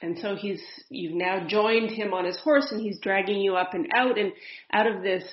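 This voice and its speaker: Soft-spoken woman channeling spirits in a roomy space. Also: mid-range voice, steady tone, highs cut off. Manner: soft, unhurried, with pauses and audible breath releases. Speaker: spiritual medium. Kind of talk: guided spirit-channeling talk.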